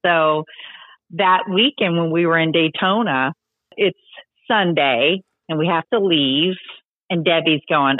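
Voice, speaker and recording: A woman telling stories as a podcast guest, animated and chatty, acting out the voices of people she quotes. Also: low-pitched, moderate pace, no room sound. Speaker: podcast guest, long-distance motorcycle rider. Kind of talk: casual storytelling interview. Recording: tinny phone-like line, dry.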